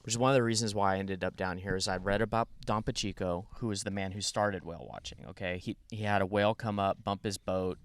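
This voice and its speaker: A man appearing as a podcast guest, telling a long story in a rambling, animated way with many restarts. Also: lowish voice, fast, hardly any pauses. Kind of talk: casual storytelling.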